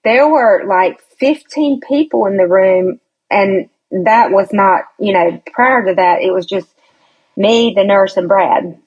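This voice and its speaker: A woman guest tells a personal story in an easygoing, unhurried way. She speaks at a middling pitch and acts out the voices of the people in her story. The audio is a little muffled and lo-fi. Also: slightly rough. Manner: chatty storyteller who acts out quoted voices, laughs often. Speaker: podcast guest. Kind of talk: casual storytelling interview.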